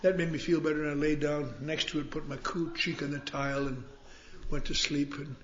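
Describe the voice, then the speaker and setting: A man's voice: a little high, level tone, brisk, fairly bright tone. A man telling his story with wry, self-mocking humor at a recovery meeting. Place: meeting hall. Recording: roomy, dull live recording.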